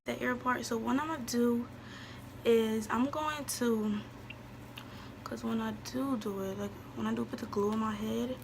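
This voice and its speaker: A young woman chatting excitedly to her viewers in a casual beauty vlog, calling them y'all. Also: a little high, moderate pace, creaky, over loud music. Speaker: beauty vlogger. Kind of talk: casual wig unboxing vlog.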